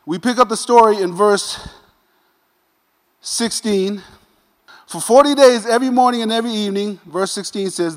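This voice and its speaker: A man preaching a sermon, retelling a scripture story in a casual, animated way with modern asides. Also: sits high, big-room sound. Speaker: pastor.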